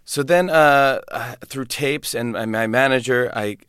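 A male comedian guest who tells his stories with animated energy, stammering and restarting as he goes. His voice is smooth and resonant. The studio sound is dry and close, with no room echo. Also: mid-range voice, unhurried. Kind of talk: casual anecdote in an interview.

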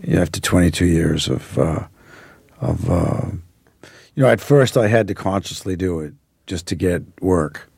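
A man in his forties from Australia who now speaks with an American accent, telling rambling stories as an actor guest in a relaxed interview. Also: low voice, a little slow, gravelly, slightly rough, no room sound, studio quality. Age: 40s. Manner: rambling anecdotal storyteller.

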